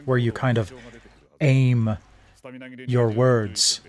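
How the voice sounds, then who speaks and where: A man's voice: medium pitch, steady tone, extremely slow, darkish tone. A man livestreaming a game, chatting casually in a put-on British-leaning accent, rambling with many fillers and restarts. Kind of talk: casual gameplay commentary.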